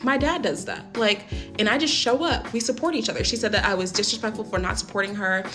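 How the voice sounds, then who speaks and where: Young woman, storytime monologue, blunt, profane, emphatic, mid pitch, faint background music. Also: quick pace, bright, forceful tone.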